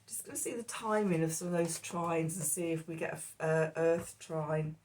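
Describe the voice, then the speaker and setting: Her voice is lowish and mellow, a little quick, picked up by a distant mic. Reading tarot and astrology casually, she wanders, cuts herself off, uses fillers, and sounds hoarse with a cough that keeps intruding.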